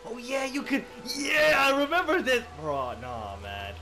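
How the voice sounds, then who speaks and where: A man hosting a let's play, excitable and slangy, swearing freely and calling everyone bro and man. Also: very high-pitched, unhurried, vocal fry, heavy background noise. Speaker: gaming channel host. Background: game music.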